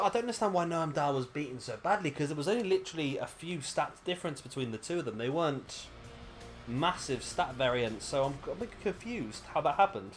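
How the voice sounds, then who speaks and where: Chatty British man commenting on a game. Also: fairly high pitch. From Britain. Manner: chatty and rambling, with self-corrections. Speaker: gaming commentator. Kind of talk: casual play-by-play commentary.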